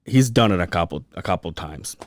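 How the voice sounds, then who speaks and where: A man's voice: sits low, lively intonation, fairly quick, dry recording. A man in his thirties, a podcast co-host, telling a profane story in casual chat and acting out the quotes. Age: 30s.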